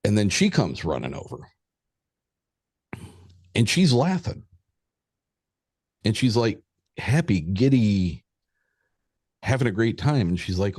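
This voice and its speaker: A man's voice: fairly low pitch, sing-song, slow, pauses often, darkish tone, breathy edge, no room sound, studio quality. A man who is a podcast guest, telling a story in a candid, casual way. He swears freely and acts out conversations as he goes.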